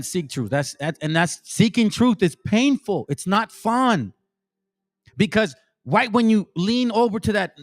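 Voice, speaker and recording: Impassioned male streamer, fairly high voice, slangy, preachy, emotional. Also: a bit bright. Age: adult. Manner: emotional, preachy, slangy, repeats "man" and "bro". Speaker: streamer and religious commentator. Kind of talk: impassioned livestream commentary.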